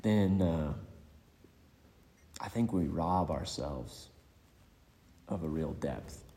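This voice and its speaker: A man giving a eulogy with personal stories, reflective and hesitant, pausing often. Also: a bass voice, lively intonation, warm tone. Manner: reflective and hesitant, many pauses. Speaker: speaker at a memorial. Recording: long hall reverb.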